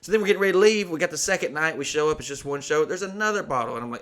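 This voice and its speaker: A man's voice: a little high, lively intonation, very fast, hardly any pauses, fairly bright tone. A man in his thirties telling crude, joking stories as a podcast co-host. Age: 30s. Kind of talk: casual comedy podcast chat.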